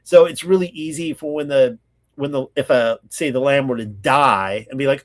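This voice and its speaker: Man, from California, Bible study host, slow scripture reading, rambling casual asides, mid-pitched voice. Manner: reads slowly, then chats loosely with many fillers.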